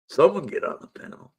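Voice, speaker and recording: Hosting a casual live-stream panel show, this man is laid-back, chuckling as he coaxes guests to join in.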